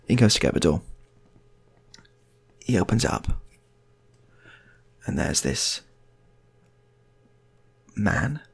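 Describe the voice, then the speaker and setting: A man's voice: lowish voice, big pitch swings, slow, vocal fry, long pauses, slightly rough. A man telling an improvised comic story, chatty and full of rambling asides.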